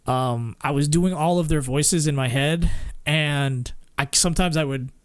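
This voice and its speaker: Male streamer, casual rambling chat, swears a lot, somewhat high voice, dry close sound. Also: a little slow, clean tone, no room sound. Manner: rambling, swearing, often laughing.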